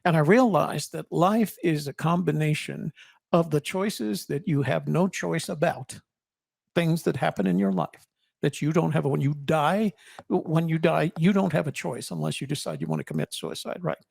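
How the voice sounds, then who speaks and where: A man in his seventies telling a personal story in an interview, reflective, with halting restarts. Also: fairly high pitch, expressive, creaky, a little mellow, no room sound, studio quality. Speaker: guest, army veteran and co-author.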